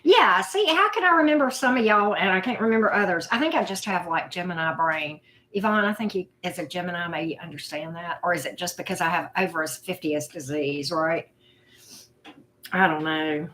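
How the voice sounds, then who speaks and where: A woman's voice: lowish voice, brisk, pushed and bright, a little hiss or hum. A woman, hosting a casual live chat, greeting viewers by name in a loose, self-deprecating way. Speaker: livestream host.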